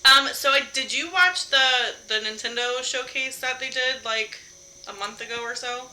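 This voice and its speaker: In a rough recording, a young woman with a high-pitched, pushed and bright voice talks at a moderate pace. She is streaming a game from home, making casual chat with viewers, often laughing and swearing a little.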